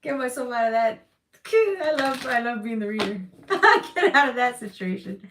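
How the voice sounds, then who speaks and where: A woman with a fairly high voice leads a live tarot reading and talks straight to her viewers. She speaks with emphatic reassurance, repeats her key phrases and swears in a casual way. Her delivery runs emotional, and she often sounds close to tears. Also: lively intonation, normal speed, fairly bright tone, a little hiss or hum. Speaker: tarot reader.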